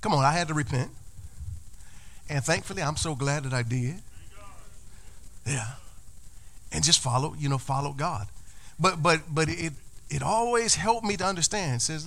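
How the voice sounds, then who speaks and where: A male pastor preaching a sermon, animated, often repeating words as he builds up. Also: on the high side, moderate pace, pauses often.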